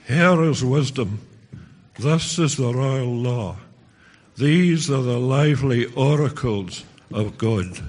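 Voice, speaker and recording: Scottish guy reading slow and solemn, formal ceremony words. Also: medium pitch, animated, a little mellow. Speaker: congregation member reading aloud.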